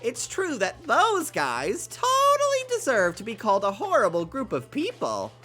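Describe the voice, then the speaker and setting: A stuffed-up man doing a high, mocking robot bear with a sly, theatrical sneer that leaps up and down in pitch. He teases and taunts with a congested nasal edge, and faint music hums underneath. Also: huge pitch swings, normal speed, bright, forceful tone, exaggerated voice. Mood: sly taunting. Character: mischievous scheming robot bear mascot, male.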